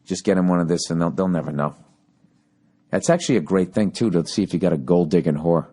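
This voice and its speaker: A man's voice: low-pitched, quick pace, dark tone. A man in his forties with a Boston accent, hosting a casual solo podcast, reading listener emails and ranting with profane, sarcastic asides. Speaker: podcast host.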